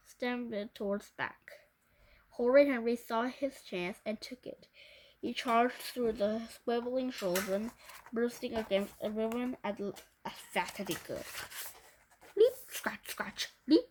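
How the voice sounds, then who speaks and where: Woman, storybook read-aloud, fairly high voice, halting with restarts. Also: a little mellow. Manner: halting, restarts words often. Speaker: storybook reader. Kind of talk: reading a children's book aloud.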